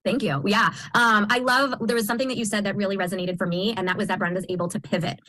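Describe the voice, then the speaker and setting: A woman's voice: mid-range voice, fairly even intonation, quick pace. A woman coach hosting a group video call, asking members questions and affirming their answers. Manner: warm affirming interviewer, frequent agreement.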